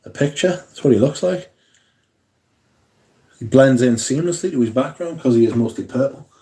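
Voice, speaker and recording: A man's voice: mid-range voice, lively intonation, moderate pace, mellow. A man hosting a casual livestream from home, rambling and swearing freely as he reads viewer comments aloud and answers them. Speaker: fragrance livestream host.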